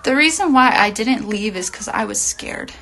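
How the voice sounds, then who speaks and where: A woman's voice: fairly high pitch, animated, normal speed, pushed and bright, slight background noise, poor audio. A young woman telling a long story on a phone livestream, rambling with lots of fillers and casual swearing. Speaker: reality TV personality on a livestream.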